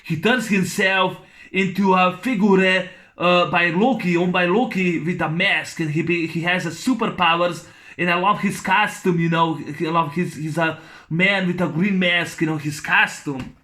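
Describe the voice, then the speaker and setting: A man with a high, bright voice talks through a film review in a loose, unscripted way. He stumbles over fillers and restarts and keeps breaking into laughter. His excitement about the scenes comes through clearly. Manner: rambling, halting, with many fillers and restarts; enthusiastic, laughing often while retelling scenes. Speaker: movie reviewer. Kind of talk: casual spoken film review.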